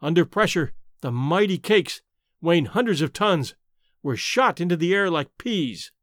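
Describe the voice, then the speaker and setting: A man's voice: fairly high pitch, lively intonation, normal speed, dry recording, studio quality. A man narrating a classic adventure story in a dramatic, storytelling manner. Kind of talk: scripted audiobook narration.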